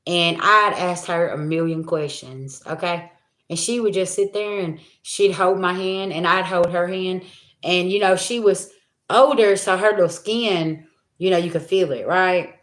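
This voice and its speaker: A woman's voice: fairly low pitch, a little slow, fairly bright tone. A woman giving a casual livestream talk as a spiritual reader, folksy and chatty, calling her viewers y'all. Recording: roomy echo.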